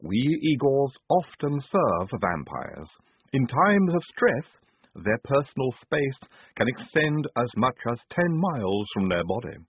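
A man voicing a young female Igor who speaks with a lisp, in a calm matter-of-fact way. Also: medium pitch, a little slow, breathy edge, no echo, voice pushed up. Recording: tinny phone-like sound.

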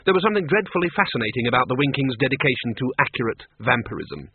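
A man's voice: medium pitch, animated, fast, few pauses, husky, no room sound. A man narrating a comic fantasy story in a dry, wry reading style. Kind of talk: audiobook reading. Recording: thin phone-like band, dry.

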